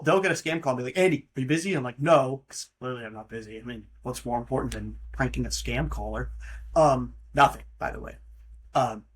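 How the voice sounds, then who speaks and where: A man's voice: medium pitch, fairly bright tone. A young man from Florida hosting a solo podcast, rambling casually through jokey stories with lots of fillers and tangents. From Florida, USA. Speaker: podcast host.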